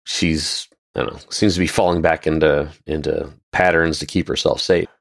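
A man's voice: rumbling low, flat delivery, normal speed, vocal fry, no echo. A man co-hosting a podcast in casual film talk, adding dry, teasing asides. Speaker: podcast co-host.

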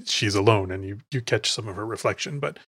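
A man's voice: fairly low pitch, fairly quick, a bit bright, no echo. A man hosting a podcast, chatting casually and digressively as he recounts film scenes. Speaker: podcast host.

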